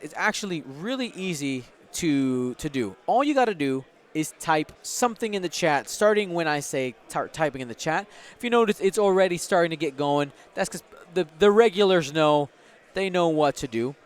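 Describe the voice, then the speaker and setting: Expressive and on the high side, this stream host talks at a moderate pace with hardly any pauses. He commentates a game tournament, keeps things chatty and upbeat with viewers, hypes the chat and hands out giveaways.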